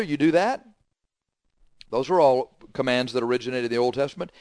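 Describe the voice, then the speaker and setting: A man's voice: medium pitch, expressive, normal speed, dry recording, studio quality. A man preaching a sermon, hammering the congregation with confrontational rhetorical questions.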